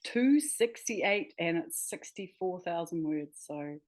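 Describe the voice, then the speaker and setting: Lively New woman, low-voiced. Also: slow. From New Zealand. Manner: enthusiastic, laughing, searching for words. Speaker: guest, healer and author. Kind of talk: casual interview chat.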